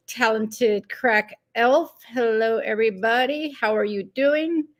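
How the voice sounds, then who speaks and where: A woman hosting a casual live stream, chatting loosely, laughing easily and greeting viewers one by one by name. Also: a little high. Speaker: livestream host.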